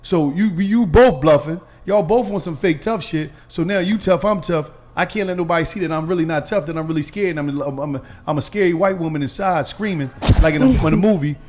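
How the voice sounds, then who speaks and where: A man's voice: fairly high pitch, fairly quick, few pauses, a little mellow, a little hiss or hum. A middle-aged man in casual chat, telling a story with laughs, profanity and stammered repeats.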